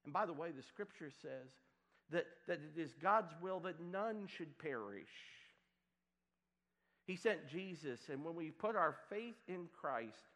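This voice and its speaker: Animated, bright-voiced male preacher. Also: a little high, measured pace. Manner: animated preaching, swinging from loud to hushed. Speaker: pastor. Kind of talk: sermon.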